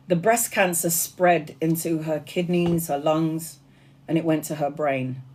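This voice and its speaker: A woman's voice: sits low, a little mellow. A woman tarot reader telling a personal story on a livestream in an earnest, heartfelt, spiritual way.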